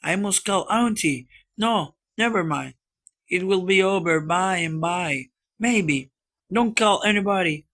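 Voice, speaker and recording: A man's voice: high-pitched, unhurried, a bit bright, voice pushed up. A man voicing a boy faking illness, whining and melodramatic, in a storybook reading. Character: boy Tom faking illness, whiny, dramatic.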